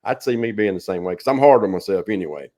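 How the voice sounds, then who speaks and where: A man's voice: on the low side, expressive, fast, warm tone. A male podcast host talking with a guest in an earnest, reflective, casual way. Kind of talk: casual conversational interview.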